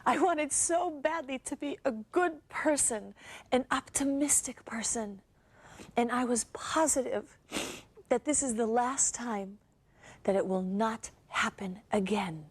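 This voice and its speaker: An actress playing a young woman who recounts her past in a theatrical monologue. Her voice sits a little high and her pace is slow and halting, with wistful pauses. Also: slightly rough, no echo. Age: young adult. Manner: halting, wistful, with nervous laughs and sighs. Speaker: solo monologue performer.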